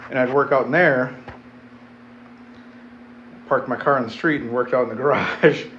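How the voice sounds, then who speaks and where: A man's voice: mid-range voice, normal speed, fairly bright tone, muffled recording, a little hiss or hum. A man vlogging casually to his viewers between sets in his home weight-training setup. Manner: laid-back, chatty, talks to viewers directly.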